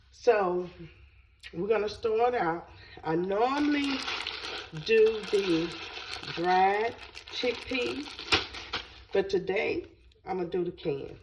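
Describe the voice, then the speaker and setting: A woman hosting her own cooking channel, congested, chatting casually to the camera in a slow, rambling way that repeats phrases. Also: mid-range voice, far from the mic, noisy background.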